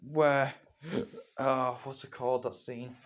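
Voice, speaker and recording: A man's voice: medium pitch, level tone, takes it slowly. A teenage boy, reviewing a movie in rambling, repetitive fan talk. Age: teens. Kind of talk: casual solo movie review. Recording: dull lo-fi home recording.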